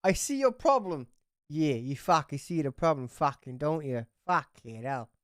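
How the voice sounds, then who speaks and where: A woman's voice: sits low, lively intonation, moderate pace, no echo, studio quality. A woman voicing a crude, swearing male character with a put-on accent in a tabletop game. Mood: gruff. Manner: swears constantly, gruff and blunt.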